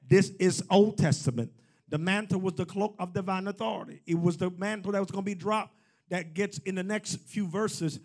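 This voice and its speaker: A man preaching a sermon in a church, urging the congregation with call-and-response lines that rise into a sung cadence. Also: high voice.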